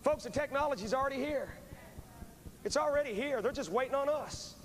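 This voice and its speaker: A very high-pitched man speaking a little fast preaches at a revival, an evangelist pleading fervently and urgently with the crowd and repeating himself. His sermon builds to an altar call. Long hall reverb and faint hiss mark the poor VHS recording, made in a large church.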